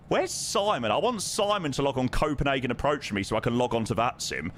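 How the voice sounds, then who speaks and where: Speaking fairly quickly and expressively, a man with a medium-pitched, fairly bright voice and a London accent chats on a live flight sim stream. He reads out viewer names and questions, thanking people and answering them, amid slight background noise.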